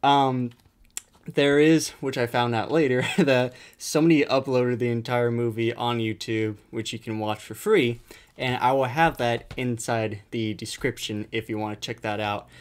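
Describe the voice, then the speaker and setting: A man's voice: mid-range voice, moderate pace. A young man hosting his own video, talking casually about a cheap movie with lots of swearing, laughs and fillers. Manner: animated storytelling, frequent swearing and fillers. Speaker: video host reviewing a movie. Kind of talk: casual profane movie talk.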